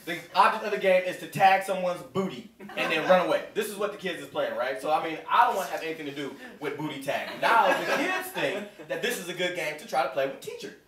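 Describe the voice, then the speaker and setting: A man in his thirties doing an animated stand-up comedy set, telling a story and acting out the other people's voices. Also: on the high side, quick pace, hardly any pauses. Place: comedy club stage. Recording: roomy club sound from far off with crowd laughter. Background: audience laughing.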